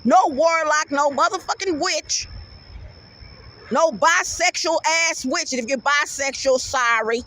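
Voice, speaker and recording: A woman's voice: high-pitched, measured pace. Brash, profane woman ranting at camera. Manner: brash, profane, animated, swings into loud outbursts. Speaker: vlogger. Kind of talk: casual rant to camera.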